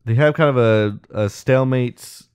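A man's voice: mid-range voice, moderate pace, clean tone, no room sound, studio quality. A man co-hosting a podcast, casually retelling a film plot and acting out the characters' lines. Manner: animated retelling, acts out quoted lines, swears casually. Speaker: podcast co-host.

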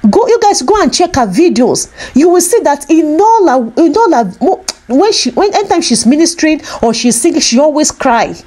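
A woman's voice: sits high, sing-song, moderate pace, hardly any pauses, a little mellow. A woman talking to her viewers in an emotional vlog, earnest and pleading, repeating herself often. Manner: emotional, sorrowful. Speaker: vlogger.

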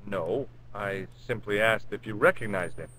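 An actor playing a persistent, wisecracking amateur sleuth in a point-and-click adventure game, asking around with dry humor. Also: male voice, lowish voice, moderate pace, bright, forceful tone, low-quality recording. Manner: dry, sarcastic quips. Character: wry American male tourist sleuth, persistent.

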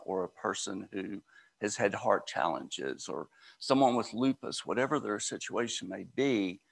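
A man's voice: fairly low pitch, creaky. A man from the United States giving a conversational inspirational talk at a spiritual center, slipping into storytelling. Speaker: spiritual speaker.

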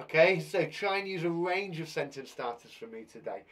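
A young man with a slightly high, somewhat bright voice hosts a playful live online lesson for kids, speaking at a normal pace with barely any pauses. The primary school teacher keeps things bouncy, chatting with a toy monkey puppet as he teaches.

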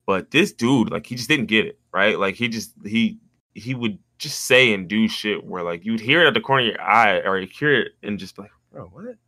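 A man co-hosting a podcast, telling a story in casual chat and jumping into high mimicking voices when he quotes people. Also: a little fast, sharp tone, no echo. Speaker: podcast co-host.

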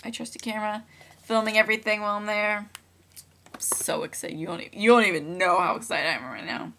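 A woman's voice: medium pitch, fast talker, sharp tone. A young woman vlogging at home into her laptop mic, chatty and rambling with lots of fillers and restarts. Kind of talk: casual webcam vlog. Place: room at home. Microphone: laptop built-in mic.

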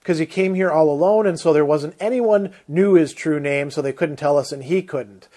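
A quick village schoolboy from a fantasy story, eagerly reasoning out his answer in class, as a man reads the part aloud. His voice sits fairly high. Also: warm tone, natural voice.

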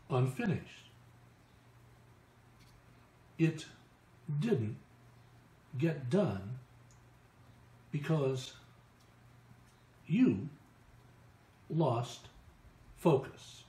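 Slow, halting man channeling messages. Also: medium pitch, big pitch swings, dark tone, roomy sound. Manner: halting, drawn-out words with long pauses. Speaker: channel for spirit guides.

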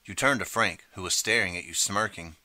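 A man reading a second-person interactive audiobook in steady, measured narration. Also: low voice, no echo.

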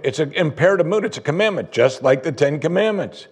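A man preaching a sermon as pastor, conversational, voicing his listeners' doubts in a higher voice. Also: very animated, quick pace, few pauses, husky. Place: church sanctuary.

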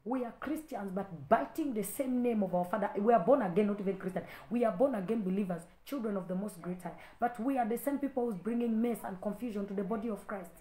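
A woman's voice: mid-range voice, fast talker, few pauses, reverberant. A woman preacher delivering an impassioned sermon, repeating her points and rising into stern warnings. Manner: exhorting, repetitive, rising to stern loud warnings.

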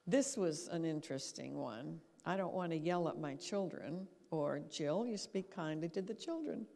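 A woman gives a talk in a church hall, her voice a little gravelly. She tells her stories with life and acts out the quotes, and the sound carries a long reverb from the hall. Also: sits low, normal speed. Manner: lively storytelling, acts out quotes. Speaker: guest speaker. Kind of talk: talk on habits.

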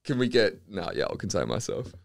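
Lively joking male podcast host. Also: lowish voice, brisk, vocal fry. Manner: joking, laughs often, lively. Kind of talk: casual chat.

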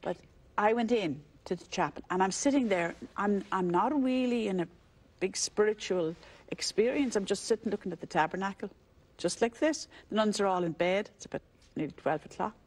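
An older Irish woman, a religious sister, telling her story in a relaxed interview. Her voice is husky and a little breathy, with a middle pitch, and she slips into the voices of the people she talks about. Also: brisk. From Ireland. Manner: animated storyteller who acts out the voices in her story and laughs often.

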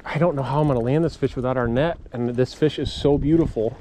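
A man filming himself outdoors on a river while fishing, talking excitedly to his viewers and calling out to a friend. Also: medium pitch, fast, a little hiss or hum. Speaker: fishing vlogger.

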